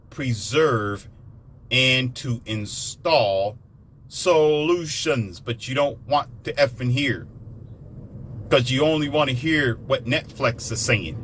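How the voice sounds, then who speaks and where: Male ranter, sarcastic and animated, middle pitch, slight background noise. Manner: animated, sarcastic, swings into mocking high-pitched impressions. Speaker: commentator. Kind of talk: ranting monologue.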